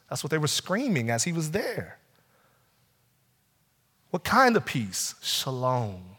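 A man preaching a sermon, rising to loud urgent pleas and dropping to slow, hushed passages. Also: on the high side, wildly swooping pitch, breathy edge. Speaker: pastor. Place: church sanctuary. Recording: long hall reverb.

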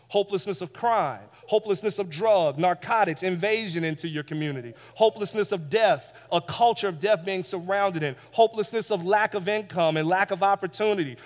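A male pastor preaching a sermon, repeating phrases emphatically and swinging between hushed and loud passages, on a clip-on mic. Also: sits high. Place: church sanctuary. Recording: long reverb of a church hall.

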